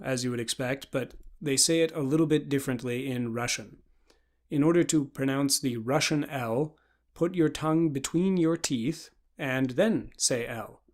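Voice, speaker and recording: A man giving a pronunciation lesson, deliberately spelling out sounds one by one with example words. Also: medium pitch. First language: English. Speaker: pronunciation instructor.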